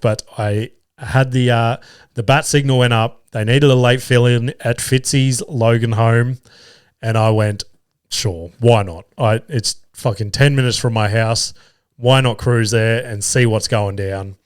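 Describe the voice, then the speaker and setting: A man's voice: mid-range voice, fairly even intonation, unhurried, smooth, no room sound, studio quality. Sweary man telling stories. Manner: swears freely, laughs at his own stories. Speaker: comedian and podcast host. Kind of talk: casual solo podcast storytelling.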